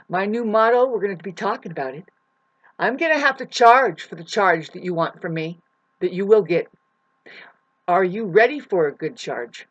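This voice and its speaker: A self-styled spiritual teacher giving a profane, preachy monologue, swinging between shouting and muttering. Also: mid-range voice, lively intonation, normal speed, lo-fi sound. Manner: preachy, lecturing the listener.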